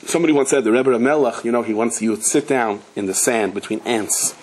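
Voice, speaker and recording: Husky-voiced rabbi teaching animatedly. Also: male voice, mid-range voice, quick pace, poor audio. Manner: animated storyteller, slips into character voices and Hebrew and Yiddish terms. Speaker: rabbi giving a Torah class. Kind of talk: Torah class with stories.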